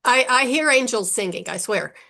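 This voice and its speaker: A woman's voice: a little high, expressive, normal speed, creaky, bright, forceful tone. A woman hosting a podcast interview, chatty and anecdotal, with many "you know" fillers. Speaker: podcast host.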